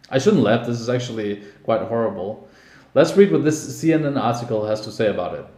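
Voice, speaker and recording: A man's voice: mid-range voice, mellow. A man from Denmark, a native Danish speaker, giving casual news commentary with wry, sarcastic asides. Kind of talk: casual news commentary, reading articles aloud. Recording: echoey room.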